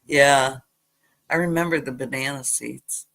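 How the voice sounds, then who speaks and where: An older woman telling childhood stories in a casual chat, animated as she retells them. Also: rumbling low, measured pace, gravelly. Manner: animated retelling with acted quotes. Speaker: guest.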